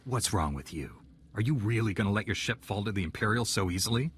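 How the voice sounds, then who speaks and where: An actor playing a brash, defiant young Jedi knight in a video game. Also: male voice, fairly low pitch, lively intonation, quick pace, fairly bright tone, breathy edge. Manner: defiant and bold.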